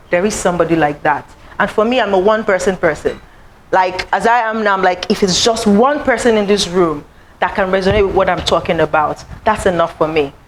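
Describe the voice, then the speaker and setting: Woman, motivational speaker, lively storytelling talk at an event, faint hiss behind. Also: poor audio. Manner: animated, acts out quoted voices, rising to high exclaims. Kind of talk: inspirational talk to a live audience. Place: event room.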